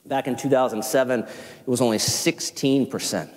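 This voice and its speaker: Southern pastor guy preaching, lively and chatty, long hall echo around him. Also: medium pitch, normal speed. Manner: animated, conversational preaching with self-deprecating asides. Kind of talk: sermon.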